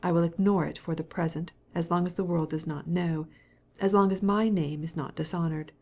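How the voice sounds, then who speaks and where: A woman's voice: on the low side, steady tone, moderate pace, darkish tone. A woman voicing a cold, formal, resentful middle-aged husband in an audiobook, speaking in a clipped, cold way.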